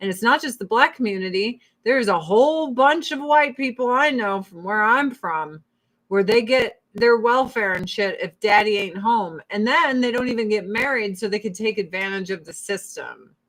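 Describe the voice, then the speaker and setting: A woman's voice: medium pitch, normal speed, fairly bright tone. A woman hosting a casual livestream chat with her online audience, blunt and profane, who breaks off to coo baby talk at her pets.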